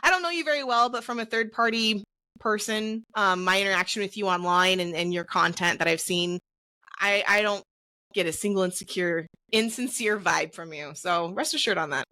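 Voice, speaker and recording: A woman's voice: mid-range voice, moderate pace, bright, forceful tone, no room sound. A woman co-hosting a casual live-streamed podcast, chatty and enthusiastic, with lots of "like" fillers; English is not her first language. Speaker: podcast co-host.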